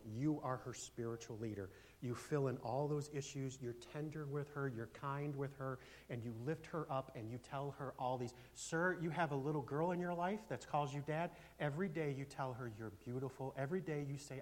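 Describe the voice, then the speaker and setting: Man, pastor, church sermon, emphatic, calls for amens, loud to hushed, mid-pitched voice, faint hiss. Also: normal speed.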